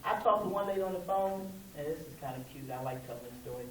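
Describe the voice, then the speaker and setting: A woman's voice: low-pitched, animated, fast talker. A middle-aged woman, a local civil rights chapter president, telling stories in a conversational, folksy way at a community meeting and acting out quoted dialogue. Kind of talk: storytelling talk at a community meeting. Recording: echoey room, speaker far from the mic, faint hiss.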